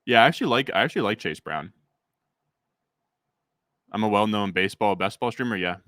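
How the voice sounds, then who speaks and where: A young man with a fairly low voice streams a fantasy football draft from home, rambling and talking back to his chat. His voice sounds dry and close on a desk mic. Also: brisk, a bit bright, no room sound. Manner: rambling, talks to chat, frequent fillers. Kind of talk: casual livestream chat.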